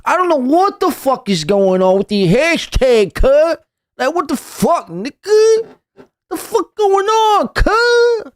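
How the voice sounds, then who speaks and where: A man's voice: very high voice, very animated, takes it slowly, no echo, clean studio sound, voice pushed up, heavily acted. A man parodying a boastful, menacing male street tough in slangy, profane talk. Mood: swaggering.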